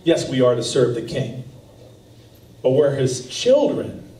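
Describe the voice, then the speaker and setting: A man preaching an earnest, conversational sermon, with a mellow, dark tone. He stands back from the mic in a roomy church sanctuary, captured on a live recording with faint background hiss. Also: medium pitch, big pitch swings, takes it slowly, distant mic. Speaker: pastor.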